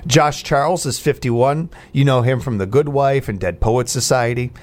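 A man's voice: mid-range voice, normal speed, a little mellow. A man in his forties hosting a radio show, talking casually and loosely with frequent fillers and restarts. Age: 40s. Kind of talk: casual on-air chat.

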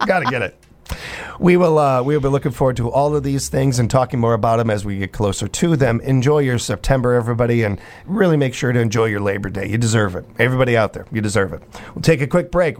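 A male morning radio host in the studio, talking in an easygoing, chatty way. His pitch sits in the middle range. He breaks off sentences and restarts them often, and sometimes clears his throat. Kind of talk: casual radio banter.

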